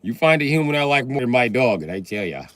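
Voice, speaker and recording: Sarcastic livestreaming man, lively pitch. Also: fast talker, no room sound. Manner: sarcastic, profane, mock-serious. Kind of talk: casual live-stream chat.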